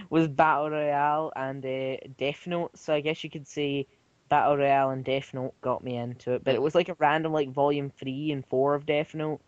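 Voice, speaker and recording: A man talking casually with friends, in a voice a little higher than most men's. He now and then jumps into loud mock voices. The sound is dry and close, but a little dull, as if from a lo-fi mic. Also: flat delivery, normal speed, no room sound. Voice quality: slips into loud high-pitched mock voices. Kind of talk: casual chat.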